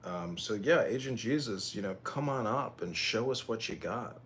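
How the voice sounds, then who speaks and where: A man asks doubtful questions in a casual online chat. He speaks in a plain, even voice, and faint noise sits under the recording. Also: fairly low pitch, moderate pace.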